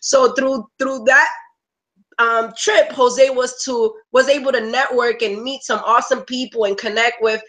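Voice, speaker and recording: A woman's voice: a little high, steady tone, unhurried, a bit bright, rough recording. A woman in her thirties giving an emotional personal testimonial, rambling with lots of "like" and "you know", close to tears at times. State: near tears. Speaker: testimonial speaker.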